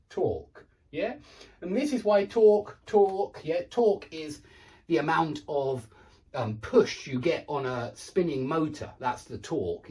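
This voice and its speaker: British man teaching with a lively voice. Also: medium pitch, low-quality recording. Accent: British English. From United Kingdom. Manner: chatty, repeats words slowly to model sounds. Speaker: English teacher. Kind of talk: casual pronunciation lesson.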